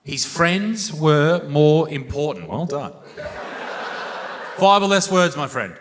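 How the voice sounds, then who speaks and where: Doing crude, brash crowd work on a theatre stage, a young Australian stand-up talks into a handheld mic. His fairly high voice is expressive and unhurried, and the live hall adds reverb along with audience noise.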